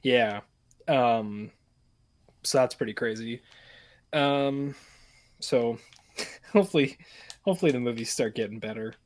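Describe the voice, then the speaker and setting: Young man, podcast co-host, casual, profane, laughs a lot, mid-pitched voice. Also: measured pace, pauses often. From Canada. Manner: loose, profane, laughs often. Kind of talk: casual chat.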